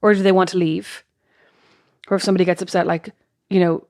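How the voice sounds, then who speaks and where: Woman podcast co-host, low-pitched, rapid chatty delivery, dry close sound. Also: fairly even intonation, creaky, a little mellow, dry recording. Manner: chatty, quick, lots of fillers. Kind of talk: casual chat.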